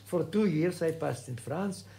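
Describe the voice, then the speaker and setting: A man in his eighties from Russia, speaking English with a Russian accent, recalling his past at home in a halting way full of hesitations. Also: a little high, lively intonation, vocal fry, dark tone. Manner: halting, many hesitations and restarts. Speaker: composer being interviewed. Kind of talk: reminiscing interview.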